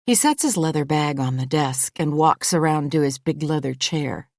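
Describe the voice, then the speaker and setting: A woman reads a first-person thriller audiobook in a low register. Her delivery is intimate and measured. The recording is dry and close, with no room around it. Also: animated, no echo. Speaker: audiobook narrator.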